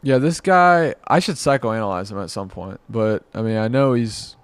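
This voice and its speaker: A man's voice: fairly low pitch, moderate pace, smooth, no room sound. A man giving rambling, exasperated reaction commentary, muttering to himself and mocking what he watches. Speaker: commentary vlogger.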